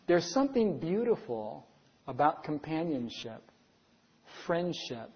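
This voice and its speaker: A man's voice: on the high side, breathy edge. A middle-aged man preaching a sermon as pastor, earnest, asking his listeners rhetorical questions. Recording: dull lo-fi sound with long hall reverb.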